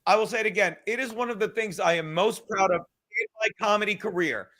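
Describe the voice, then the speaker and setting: Podcast host guy, high bright voice, swearing up a storm, heated rambling rant. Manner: profane, heated, rapid rambling.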